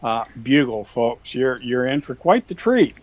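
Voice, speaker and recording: A man's voice: mid-range voice, big pitch swings, a little slow, dull audio. Folksy, chuckling rancher man. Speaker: guest, cattle rancher. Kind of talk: casual storytelling.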